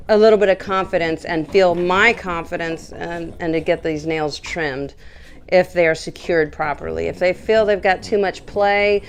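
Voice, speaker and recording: A woman dog groomer explaining nail trimming and cooing soothingly at a nervous dog while she works. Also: lowish voice. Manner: soothing baby talk to the dog between instructions. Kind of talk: grooming demonstration. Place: grooming room.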